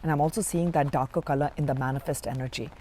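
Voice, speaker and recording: A woman giving a spiritual card reading to camera, speaking slowly and warmly with affirming, emphatic rises. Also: low voice, steady tone, a little hiss or hum. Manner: slow, dreamy, affirming delivery with emphatic rises. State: emotional, near tears. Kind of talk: intuitive tarot reading to camera.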